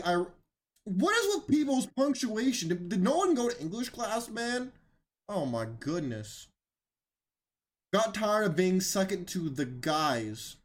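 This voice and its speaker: A man giving mocking, incredulous reaction commentary on videos, often emphatic and raising his voice. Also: on the high side.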